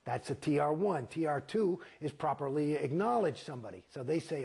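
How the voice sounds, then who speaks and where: A man's voice: a little high, animated, fairly quick, darkish tone. A man telling his story in an interview, blunt and profane, rambling through false starts. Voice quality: gravelly, husky voice.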